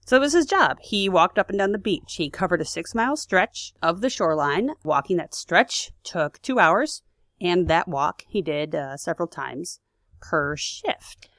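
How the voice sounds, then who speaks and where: A woman's voice: lowish voice, animated, normal speed, a bit bright, no echo, clean studio sound. Chatty woman telling history. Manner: chatty, with fillers and asides. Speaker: podcast co-host. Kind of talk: casual history storytelling.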